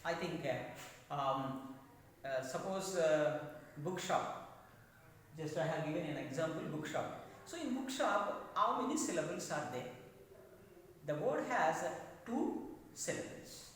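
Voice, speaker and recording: A man teaching a classroom lecture, speaking slowly, repeating his phrases, with frequent hesitations. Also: a little high, expressive, a bit bright, a little hiss or hum. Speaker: English teacher. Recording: echoey classroom, mic far off.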